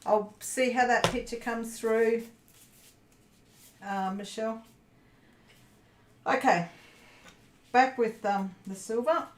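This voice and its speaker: A woman's voice: fairly high pitch, fairly even intonation, takes it slowly, pauses often. A woman chatting casually to viewers during a crafting livestream, muttering to herself as she works. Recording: echoey room, faint background noise.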